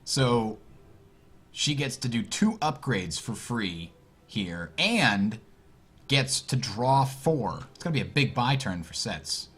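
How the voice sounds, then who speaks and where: A man casting a card game tournament, thinking out loud and reacting with puzzled surprise. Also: mid-range voice, takes it slowly, husky. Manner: thinks aloud, puzzled and animated. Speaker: tournament commentator. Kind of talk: casual game commentary.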